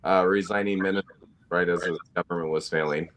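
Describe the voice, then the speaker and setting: Low-voiced man joking on a podcast. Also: fairly even intonation, brisk, fairly bright tone, slight background noise. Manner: jokey, laughs at his own quips. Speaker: podcast co-host. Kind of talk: casual political chat.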